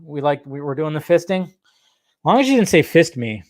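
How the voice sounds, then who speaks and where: A man's voice: a little high, very animated, normal speed, no room sound. Profane rambling man on a dry mic. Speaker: host reading live chat questions. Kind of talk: casual livestream chat.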